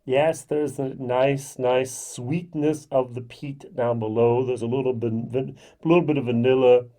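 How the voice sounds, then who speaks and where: A man's voice: mid-range voice, steady tone, a little slow, warm tone. Chatty man reviewing whisky. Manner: chatty, many fillers, thinks aloud and corrects himself. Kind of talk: casual tasting review to camera.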